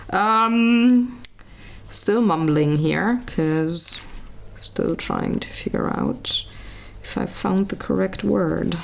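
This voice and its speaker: A woman's voice: on the low side, slow pace, creaky, a little hiss or hum. A woman chatting casually while she colours, rambling and searching aloud for words, with self-mocking asides. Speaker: colouring vlogger.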